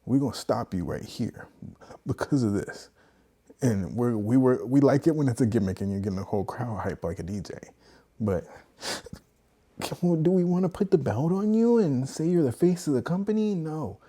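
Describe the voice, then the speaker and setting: Man ranting on a live stream, mellow tone. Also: mid-range voice, normal speed. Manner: animated, opinionated rant, drops into mocking voices for quotes. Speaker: streamer host. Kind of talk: casual wrestling commentary on a live stream.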